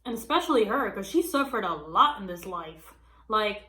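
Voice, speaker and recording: A woman's voice: mid-range voice, sing-song, normal speed, sharp tone, roomy sound, a little hiss or hum, rough recording. A woman telling a personal story to her viewers in a casual, chatty way, calling them y'all and using many fillers. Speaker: vlogger. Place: small room at home.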